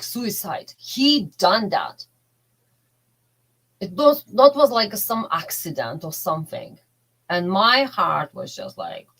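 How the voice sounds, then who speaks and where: A middle-aged woman who works as a relationship coach, telling a personal story in a heartfelt, halting way with broken grammar. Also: medium pitch, fairly bright tone, rough recording.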